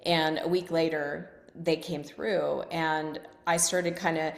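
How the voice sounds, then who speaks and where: Brief: lower-pitched woman guest, chatty and animated storyteller, roomy echo on the voice. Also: slow pace, gravelly. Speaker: coach and guest. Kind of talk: casual interview talk.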